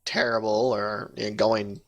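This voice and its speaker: Gravelly, bright-voiced male game master. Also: lowish voice, little pitch movement, a little slow. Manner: joking, rambling with restarts. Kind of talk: running a tabletop game over voice chat.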